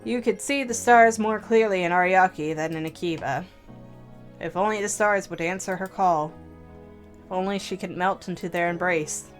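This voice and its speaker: Low-voiced woman reading a visual novel. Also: normal speed, faint music behind. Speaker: let's play host.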